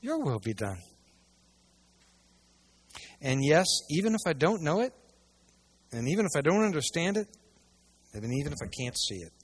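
A man preaching a sermon to a church audience, swinging between hushed asides and loud, emphatic passages. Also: on the high side, big pitch swings, a little fast, pauses often, slightly rough. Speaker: pastor.

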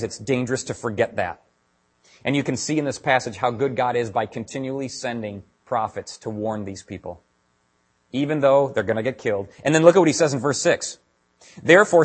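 A man preaching a sermon as pastor, talking casually to his congregation and building to loud, emphatic stretches. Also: medium pitch, slightly rough. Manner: animated, builds to raised emphatic delivery.

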